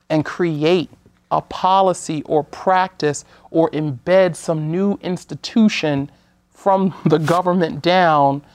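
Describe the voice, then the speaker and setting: A woman from the United States speaking as a guest on an interview show, measured and earnest, sometimes restarting her sentences. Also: low voice, no echo. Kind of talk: conversational talk-show interview.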